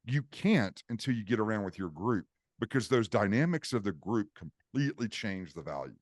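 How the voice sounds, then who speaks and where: A man with a fairly low voice co-hosts a podcast, recorded cleanly in a studio with no echo. He chats casually and explains things at length, often restarting his sentences.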